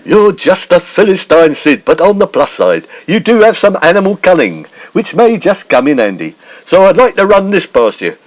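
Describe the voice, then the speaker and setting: A pompous, self-important everyman, played by a man with a fairly high voice. He is full of indignation and holds forth about himself at every turn. It is classic radio-style comic pastiche. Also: sing-song, normal speed, a little hiss or hum. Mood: indignant.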